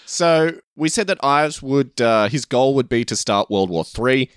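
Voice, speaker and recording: A man's voice: mid-range voice, expressive, a little slow, clean tone, dry recording, clean studio sound. A man hosting a podcast, casually recapping a movie in long, rambling, self-correcting explanations. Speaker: podcast host.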